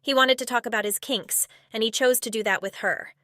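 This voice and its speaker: A woman's voice: a little high, fairly quick, pushed and bright, no echo. Sarcastic woman co-host, dry close mic. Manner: sarcastic, biting, mock-dramatic. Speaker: commentary co-host. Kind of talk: casual reaction commentary.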